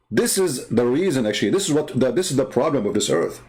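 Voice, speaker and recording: A man's voice: medium pitch, expressive, fast talker, few pauses, darkish tone. A man hosting a livestream, talking in a blunt, sarcastic and scornful way. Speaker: livestream host. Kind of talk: combative livestream commentary.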